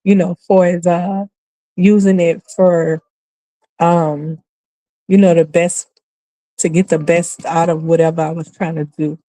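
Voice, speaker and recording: Woman host, middle-aged, unhurried talk, warm low tone, dry close sound, animated story-telling. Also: dry recording, low-quality recording. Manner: animated storytelling, acts out quotes with high squeals and laughs. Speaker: channel host. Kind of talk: casual commentary.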